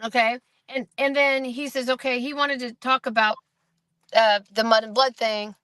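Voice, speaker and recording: A woman with a fairly high voice talks casually, rambling as she retells testimony and slips into quoted voices. The sound is dry and close. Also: fairly even intonation, moderate pace, a bit bright, clean tone, no room sound, low-quality recording. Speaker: host recapping a trial. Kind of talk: casual chat.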